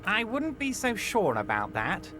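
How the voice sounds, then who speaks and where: A smug, honey-voiced union boss. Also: male voice, sits high, wildly swooping pitch, unhurried, sharp tone, faint music behind, exaggerated voice. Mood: falsely soothing. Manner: honeyed, patronizing, falsely soothing. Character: smug, smooth-talking middle-aged union boss man. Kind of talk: video game voice acting.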